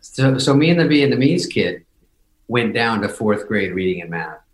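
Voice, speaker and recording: A man's voice: on the low side, sing-song, moderate pace, reverberant, poor audio. A middle-aged man telling casual anecdotes as a podcast guest, dry and self-mocking, briefly mimicking others. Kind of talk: casual storytelling chat.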